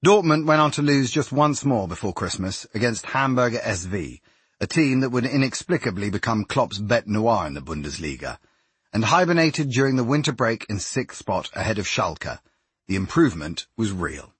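Male narrator, husky and low, lively intonation, dry close read. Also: normal speed, no echo. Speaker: audiobook narrator. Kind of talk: scripted narration.

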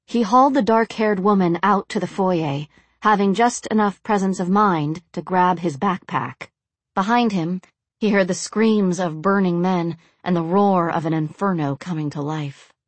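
Woman, audiobook narrator, low-pitched, steady measured reading, dry close sound. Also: no room sound. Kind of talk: scripted narration.

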